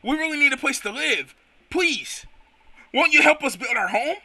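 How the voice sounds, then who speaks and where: A man's voice: very high-pitched, animated, moderate pace, creaky, sharp tone, dry recording, pitched above the performer's own voice, full character voice. A man voicing an earnest, polite young male creature hero in a game. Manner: polite, pleading.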